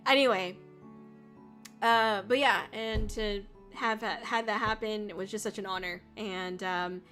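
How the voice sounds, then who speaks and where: Bright-voiced woman streamer chatting. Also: medium pitch, fairly even intonation, a little slow. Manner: rambling, swears freely, many fillers. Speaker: VTuber streamer. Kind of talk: casual livestream chat. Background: faint music.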